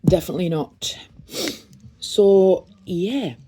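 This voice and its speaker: Slow and warm, this fairly low-voiced middle-aged woman from Redcar, North East England, talks casually through an unboxing vlog in her Teesside accent. She rambles as she goes, and there's a bit of hiss or hum in the background.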